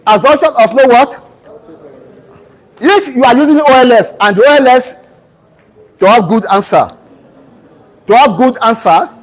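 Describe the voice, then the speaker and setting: In a lecture room, a middle-aged Nigerian university lecturer speaks with a voice pitched very high for a man, leaping up and down with animated energy. He drills the class with fill-in-the-blank prompts ending in "what?", pausing for answers, and teaches through homely family anecdotes. The recording is rough.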